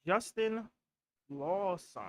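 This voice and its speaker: High-voiced young man telling stories. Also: animated, extremely slow, a bit bright, rough recording. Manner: loose storytelling, acts out quotes. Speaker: podcast co-host. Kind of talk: casual chat.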